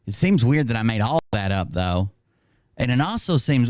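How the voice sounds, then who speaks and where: A man's voice: mid-range voice, sing-song, unhurried, darkish tone, dry recording, clean studio sound. Rambling man with a drawl. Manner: rambling, self-mocking, laughs often. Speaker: streamer host. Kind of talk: casual livestream chat.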